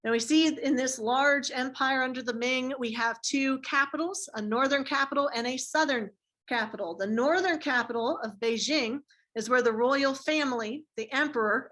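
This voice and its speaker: Bright-voiced woman teaching history. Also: fairly high pitch. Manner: casual and slangy, asks the class questions. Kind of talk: classroom lecture.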